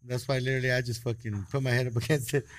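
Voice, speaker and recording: A man's voice: mid-range voice, flat delivery, racing, dry recording. A man guesting on a casual podcast, laid-back and slangy, swearing and laughing as he tells stories. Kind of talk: casual storytelling chat.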